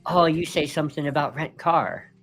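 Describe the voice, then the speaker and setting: A man's voice: fairly high pitch, normal speed, a bit bright, soft background music. A man putting on a Chinese accent to voice a polite male traveler who speaks in clipped, broken English. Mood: eager agreeable. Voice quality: clipped, simplified phrasing.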